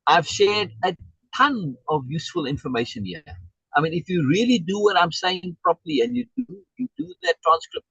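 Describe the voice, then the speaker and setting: A male life coach speaks with a gravelly, husky voice and lively, swooping pitch. He stresses his points by repeating words. The sound is a dry, muffled video call. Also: moderate pace, no room sound.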